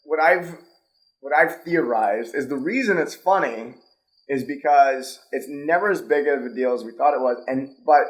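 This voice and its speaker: A man's voice: mid-range voice, normal speed, poor audio. A man speaking as a podcast guest in casual conversation, reflective and thinking aloud with restarts.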